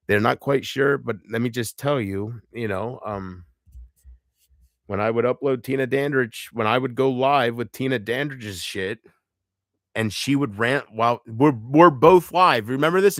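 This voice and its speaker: A man speaks on a livestream in a halting, emotional way, starting sentences over and letting them trail off. His voice sits at a middling pitch. The sound is dry and close, with no room around it. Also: no room sound. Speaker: live streamer. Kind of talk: casual livestream chat.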